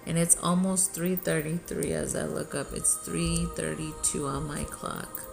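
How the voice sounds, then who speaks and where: A woman leads a live energy healing session in an unhurried, tearfully emotional way, breaking into soft laughs. Her voice sits a little low and carries a gravelly fry. Faint music plays underneath. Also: fairly even intonation. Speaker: spiritual healer hosting a live session. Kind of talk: live-streamed energy healing with chanted light language.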